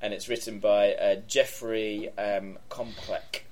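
A man narrating as game master in a relaxed, halting way with many fillers. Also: on the low side, a little hiss or hum.

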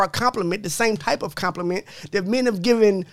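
Male podcast host, high voice, blunt and profane, dry close recording. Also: a little fast, dry recording. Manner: blunt, profane, laughs often. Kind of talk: casual chat reading comments.

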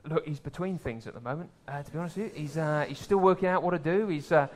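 A man's voice: on the high side, fast, a little mellow, natural voice. A man voicing an evasive father who stalls with fillers and hesitations while dodging questions about his son.

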